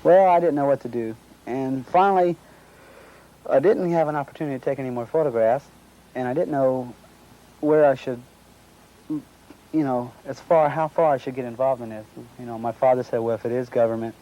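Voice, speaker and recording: Middle-aged man retelling a story, mellow voice. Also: mid-range voice, normal speed, highs cut off. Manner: acts out quoted dialogue while retelling. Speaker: eyewitness interviewee. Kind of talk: recounting a personal story in an interview.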